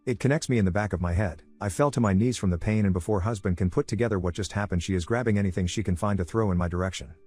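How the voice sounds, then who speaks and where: Fast-talking low-voiced male narrator. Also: darkish tone, slightly rough. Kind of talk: reddit story narration. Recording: narration over faint background music.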